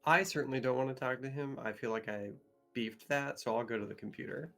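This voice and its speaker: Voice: mid-range voice, a little fast, pushed and bright, soft background music. A player talking casually during a tabletop game, somewhat hesitant.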